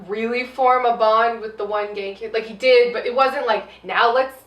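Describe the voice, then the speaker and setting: A woman co-hosting a casual movie-review chat, animated and quick to mimic the characters she talks about. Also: fairly high pitch. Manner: animated, slips into mocking voices of characters. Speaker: podcast co-host. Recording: roomy sound, mic at a distance.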